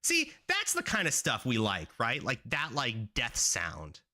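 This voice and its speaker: Guy streamer rambling casually, lots of ups and downs in pitch, bright tone. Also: huge pitch swings, unhurried. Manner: rambling, filler-heavy talk. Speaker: streamer and game developer. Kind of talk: casual live-stream chat.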